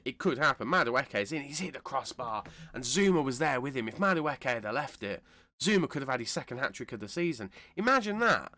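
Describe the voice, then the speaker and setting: A British man hosting a gaming channel, talking through a let's-play while unwell with a cold, chatty and rambling, correcting himself and bursting into excitement. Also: medium pitch, dry recording. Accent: British English. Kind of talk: casual let's-play commentary.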